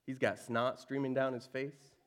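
A man preaching a sermon, telling a story with lively asides, quoted voices and laughs. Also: mid-range voice, normal speed. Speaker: pastor.

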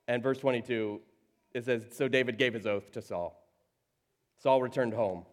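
A man preaching a sermon, telling a story with lively asides, quoted voices and laughs. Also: mid-range voice, moderate pace. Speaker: pastor.

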